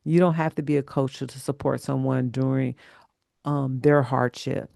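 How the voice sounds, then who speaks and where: Gravelly, even-toned man, slow and gentle. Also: medium pitch, no echo, studio quality. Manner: repeats words for emphasis. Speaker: holistic self-love coach. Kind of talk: reflective vlog monologue.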